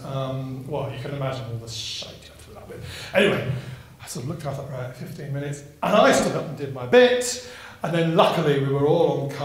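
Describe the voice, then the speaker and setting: A man with a high voice tells a comic story to a live audience in a small hall. He is chatty and full of quick asides, laughs often, and gets the crowd to join in. The hall is very echoey. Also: a little hiss or hum. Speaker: storyteller performing a one-man show.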